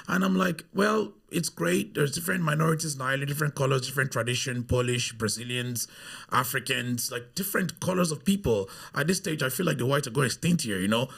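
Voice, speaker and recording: Gravelly, bright-voiced man telling stories. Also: mid-range voice, quick pace. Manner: animated, acts out the voices of people he quotes. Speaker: podcast guest. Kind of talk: casual storytelling.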